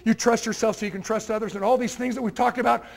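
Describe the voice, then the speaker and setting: Male keynote speaker, animated storyteller, high gravelly voice. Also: quick pace. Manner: animated, acts out characters in his stories. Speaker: motivational speaker. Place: university event hall.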